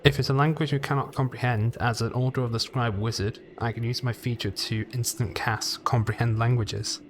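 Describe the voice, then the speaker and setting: A man's voice: medium pitch, fairly even intonation, a little fast, a little hiss or hum. A man, a tabletop player, eagerly bringing up game rules. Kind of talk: casual game chat.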